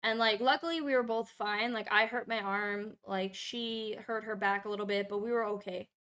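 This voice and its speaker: A young adult woman streamer telling a long personal story in casual, profane, animated chat. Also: mid-range voice, normal speed, clean tone.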